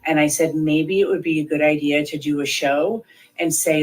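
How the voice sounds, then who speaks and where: Her deep voice holds fairly even intonation at a moderate pace, and the audio quality is poor. In an interview, this woman in her thirties recounts events in a rambling, filler-heavy way, acting out quoted speech.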